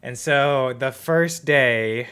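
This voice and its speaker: A man's voice: mid-range voice, very slow, bright, forceful tone, clear, resonant tone. A young man hosting a podcast, telling a rambling story in casual chat with lots of fillers. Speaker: podcast host.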